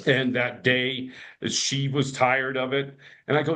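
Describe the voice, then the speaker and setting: Man, fifties, guest storyteller, casual, restarts a lot, mid-pitched voice. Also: little pitch movement, slow, sharp tone. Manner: rambling, frequent restarts and fillers; acts out quoted voices.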